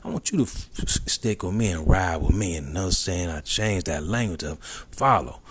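A man's voice: low-pitched, husky. A man giving a confident, boastful motivational monologue, repeating emphatic declarations.

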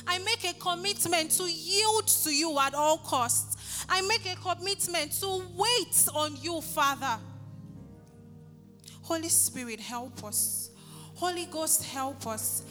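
A woman's voice: very high voice, animated, slow pace, bright, forceful tone, in a large hall, soft background music. A woman, preaching a sermon and leading an altar call, pleading fervently and repeating her phrases. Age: 30s.

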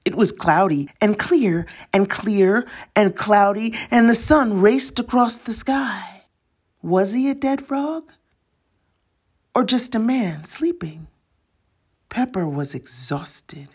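A woman narrates a literary story in a measured, poetic way. Her voice is breathy and she reads slowly. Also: mid-range voice, expressive, darkish tone.

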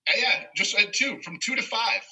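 A man's voice: high voice, expressive, moderate pace, sharp tone, slightly rough. A young man telling a rambling story in casual chat on a podcast, laughing often. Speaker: podcast co-host. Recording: dull lo-fi sound.

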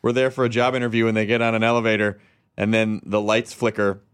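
An excitable man co-hosting a casual podcast. He retells events with loose fillers and swearing, his delivery quick and animated. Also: fairly low pitch, clear, resonant tone. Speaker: podcast co-host. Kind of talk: casual chat.

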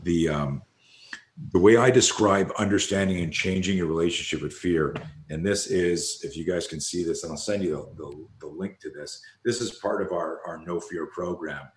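A deep-voiced older man talks in a loose, rambling way, swearing now and then and slipping into the voices of people he quotes. His voice rings out in an echoey room. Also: normal speed. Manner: rambling storyteller who swears freely and acts out quotes. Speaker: podcast guest, fear coach. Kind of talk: casual conversation.

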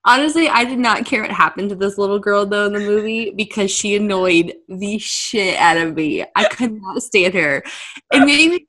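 A young woman co-hosting a casual podcast, blunt and quick to laugh. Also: mid-range voice, a bit bright. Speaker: podcast co-host. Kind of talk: casual chat.

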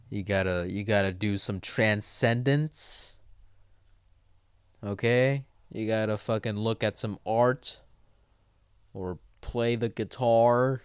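A man's voice: lowish voice, clear, resonant tone, no echo, studio quality. A man hosting a solo podcast, rambling casually with swearing and self-corrections, having just woken up. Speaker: podcast host.

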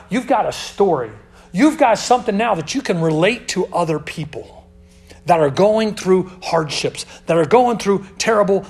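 A young man preaching to a youth group. He talks casually, calls the listeners dude and man, and swings between loud emphasis and hushed asides. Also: sits high. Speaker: youth pastor. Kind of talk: sermon.

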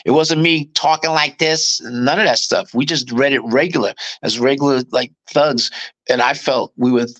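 A man as an interview guest, telling casual anecdotes in an animated way and acting out quotes in voices. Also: medium pitch, moderate pace, rough recording.

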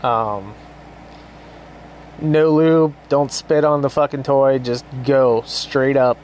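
A man in his thirties hosting a casual solo podcast at home, rambling and swearing through a deadpan mock ad with pets around him. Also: medium pitch, slow, a little hiss or hum. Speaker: podcast host.

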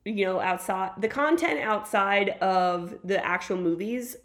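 A woman's voice: mid-range voice, unhurried, fairly bright tone. A woman co-hosting a podcast in casual chat, telling stories emphatically and laughing often. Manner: enthusiastic storyteller, emphatic and laughing. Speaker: podcast co-host.

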